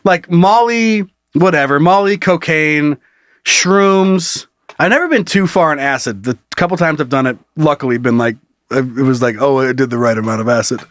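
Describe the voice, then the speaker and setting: Male podcast co-host, slightly high voice, reads stories aloud and laughs through them, dry close mic. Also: moderate pace, fairly bright tone, no room sound. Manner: laughs often while reading. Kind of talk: reading a listener story aloud, casual chat.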